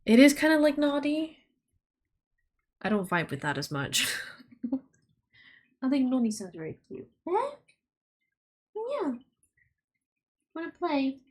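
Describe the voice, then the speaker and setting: A woman's voice: high voice, big pitch swings, measured pace, pauses often. A young woman chatting casually on a stream, swearing freely and breaking off to talk to her kitten. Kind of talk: casual chat.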